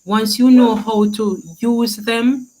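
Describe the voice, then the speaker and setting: A woman's voice: a little high, fairly even intonation, warm tone, low-quality recording. A woman teaching a grammar lesson, asking questions and praising the class often. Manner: slow, encouraging, asks questions and praises.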